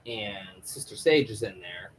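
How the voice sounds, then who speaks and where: A man recapping a TV episode in a casual, animated way, swearing a lot and acting out the characters' lines. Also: fairly low pitch, unhurried, a little hiss or hum, poor audio. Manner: animated, profane storytelling with acted-out quotes. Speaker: show reviewer.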